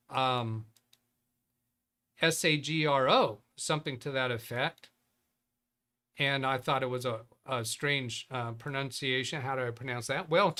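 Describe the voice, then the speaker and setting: A man's voice: medium pitch, pushed and bright. A man hosting a live computer-help stream in casual chat, rambling and thinking aloud as he reads viewer emails. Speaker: host of a live Windows help show.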